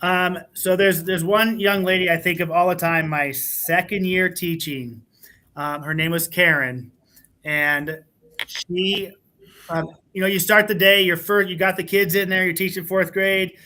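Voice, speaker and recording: A man's voice: high voice, steady tone, unhurried, sharp tone. A man who is a school administrator, telling a heartfelt teaching story on a panel in an earnest way with many fillers.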